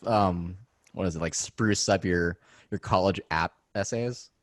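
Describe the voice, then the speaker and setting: A man's voice: low-pitched, measured pace, no echo, studio quality. A man in his twenties hosting a casual podcast chat, joking and upbeat. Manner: joking, upbeat, says "dude". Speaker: podcast host.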